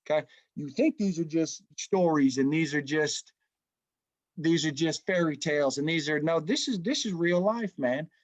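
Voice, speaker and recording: Folksy, fairly high-voiced man teaching Bible study. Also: normal speed, no echo. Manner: folksy, keeps saying "man" and "right?".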